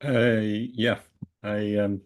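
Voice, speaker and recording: Lowish man on a video call, hesitant, lots of restarts. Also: level tone, very slow. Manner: hesitant, searching for words. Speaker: call participant. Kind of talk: casual sharing on a group call.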